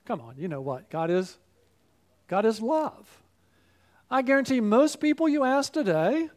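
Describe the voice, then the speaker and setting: A man preaching a sermon, emphatic, moving between loud exclamations and hushed asides. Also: high voice, lively intonation, moderate pace.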